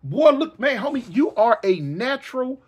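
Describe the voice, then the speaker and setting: A middle-aged man telling a story casually, animated and repetitive, with sound effects and hiccups. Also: very high-pitched, moderate pace, husky.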